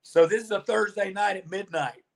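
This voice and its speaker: A man's voice: sits high, normal speed, vocal fry. A man guesting on a podcast who tells long stories from his past and acts out what others said along the way. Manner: animated storyteller, acts out quoted dialogue. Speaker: podcast guest, former pro wrestler. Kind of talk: storytelling interview answers.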